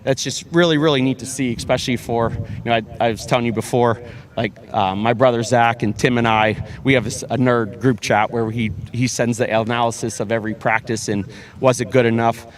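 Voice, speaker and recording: A man, a high school football head coach, talking earnestly in a sports interview, often repeating words and restarting with fillers. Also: steady tone, fairly quick.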